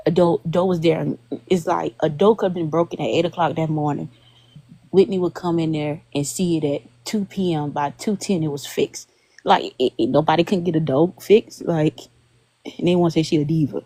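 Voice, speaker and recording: Husky low-voiced woman, chatty guest storytelling, mellow and dry sound. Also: moderate pace, dry recording, poor audio. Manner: animated, acts out quotes of others. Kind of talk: casual storytelling on a live stream.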